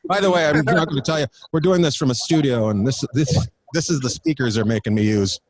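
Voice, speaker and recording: A man's voice: medium pitch, a little fast. A man doing crowd-work stand-up from a studio, teasing the audience with loose, profane riffing. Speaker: stand-up comedian. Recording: loud audience laughter throughout.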